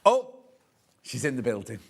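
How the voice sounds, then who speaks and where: A chatty man in his sixties hosts a live shopping broadcast. His voice sits a little high and swings up and down a lot. He banters freely with viewers and greets them as he handles the goods. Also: sing-song, normal speed, a bit bright. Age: 60s. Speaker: shopping channel presenter. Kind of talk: live TV product selling.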